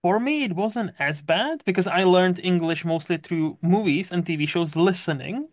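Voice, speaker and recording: Podcast host, chatty and laughy, mid pitch voice. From Czech Republic. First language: Czech. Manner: chatty, laughs often, quick asides. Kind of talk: casual chat.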